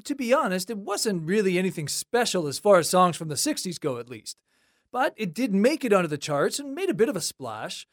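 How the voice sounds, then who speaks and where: A host narrating a scripted music-history story in a conversational, lightly wry way. The voice moves through a lively, animated range. It sits close on a dry mic with no room sound. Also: mid-range voice, fairly quick, no room sound.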